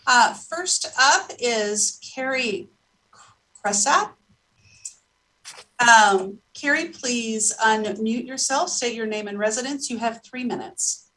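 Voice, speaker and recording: A woman clerk slowly announcing speakers at a public meeting. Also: a little high, bright, forceful tone. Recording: distant audio with faint noise.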